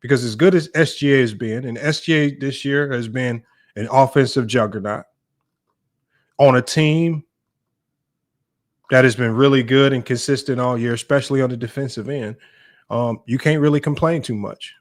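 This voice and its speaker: A man's voice: mid-range voice, moderate pace. A man hosting a sports debate live stream, ranting in an exasperated, heated way to his viewers.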